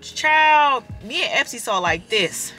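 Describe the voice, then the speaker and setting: A young woman and mother of four, vlogging casually from her car and talking straight to her viewers with lively emphasis. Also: medium pitch, normal speed, faint music behind. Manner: animated and emphatic, addresses viewers as y'all. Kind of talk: casual chatty vlog talk.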